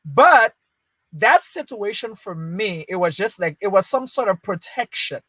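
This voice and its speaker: A man tells a story from his own life on a talk podcast, his pitch leaping up and down as he acts out each quoted line. The sound is close and dry, with no room around it. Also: lively intonation, a little slow, fairly bright tone, dry recording. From Liberia. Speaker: podcast host. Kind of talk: casual conversation, personal story.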